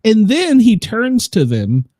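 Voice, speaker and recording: A man's voice: high voice, wildly swooping pitch, slow pace, warm tone, dry recording. A man co-hosting a casual news chat show, rambling with lots of fillers and chuckles. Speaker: co-host of a daily news show; former emergency responder.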